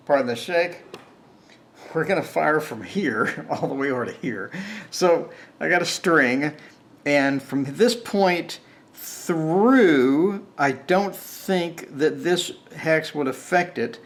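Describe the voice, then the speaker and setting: A man's voice: on the high side, a little slow, a bit bright. A man playing a board game alone on camera, reading cards aloud, counting and grumbling about bad luck. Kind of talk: solo playthrough commentary.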